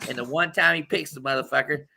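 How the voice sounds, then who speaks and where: A man hosting a casual sports talk stream, swearing freely and talking loudly and animatedly. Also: a little high, fast, gravelly, a little hiss or hum. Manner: loud, profane, animated. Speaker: podcast host.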